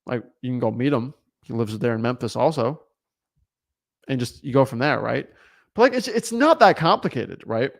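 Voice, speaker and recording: A young man from England coaching on wholesaling in a casual, energetic way, acting out calls with sellers. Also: medium pitch, normal speed, vocal fry.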